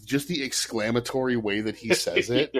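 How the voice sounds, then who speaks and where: Animated man co-hosting a podcast. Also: mid-range voice, normal speed. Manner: animated, laughs while retelling scenes. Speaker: podcast co-host. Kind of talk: casual chat.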